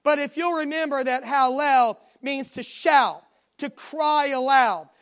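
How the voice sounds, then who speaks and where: A woman's voice: high-pitched, unhurried. A woman preaching a sermon at a midweek church service, emphatic and given to repeating refrains.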